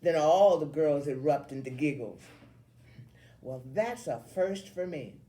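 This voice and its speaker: A woman reading a children's novel aloud in an expressive, animated way. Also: low voice, measured pace, a little hiss or hum. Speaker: story reader.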